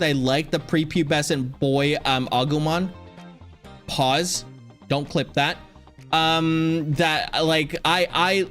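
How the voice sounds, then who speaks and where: A man talks casually as a streamer, rambling from one thought to the next. He restarts sentences often and leans on fillers. His voice sits slightly high for a man. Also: a bit bright. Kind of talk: casual chat.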